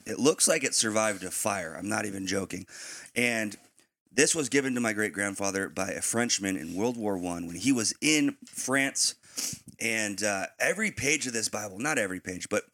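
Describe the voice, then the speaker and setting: A man co-hosting a faith podcast in casual chat, slightly raspy in the morning, rambling and informal. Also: on the low side, sharp tone, no echo. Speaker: podcast co-host.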